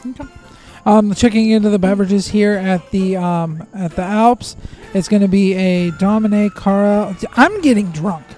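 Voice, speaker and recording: A man's voice: high-pitched, moderate pace, a little mellow, faint music behind. A man co-hosting a casual podcast, reading a menu playfully and joking around, recorded outdoors. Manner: playful, jokey, mangles foreign words. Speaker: podcast co-host. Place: outdoors at home.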